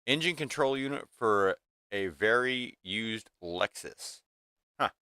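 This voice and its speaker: Forceful rambling man venting on stream. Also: fairly low pitch, lively intonation, takes it slowly, clean tone, no room sound, clean studio sound. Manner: rambling, venting, full of restarts and fillers. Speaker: livestream host. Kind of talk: casual livestream chat. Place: small home workshop room.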